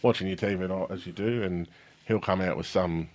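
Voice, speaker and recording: A man's voice: deep voice, a little fast, darkish tone. An Australian man in his forties, a podcast guest chatting casually and bluntly, swearing freely and acting out what his family says. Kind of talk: casual chat.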